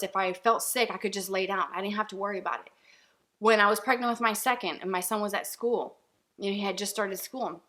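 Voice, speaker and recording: A woman in her thirties talks straight to camera in an easy, chatty way. Her voice is bright and forward, with a middling pitch, and she acts out the quoted lines of her story with lots of life. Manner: chatty, animated retelling with acted-out quotes. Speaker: beauty and family vlogger.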